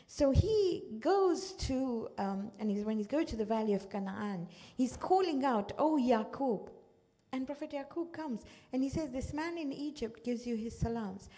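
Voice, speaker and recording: A woman teaching a religious class, her fairly high voice gravelly and mellow. She tells the story with acted-out quotes and pitch jumps, and keeps asking her listeners "okay?" to check they follow. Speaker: Quran teacher. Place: community centre hall.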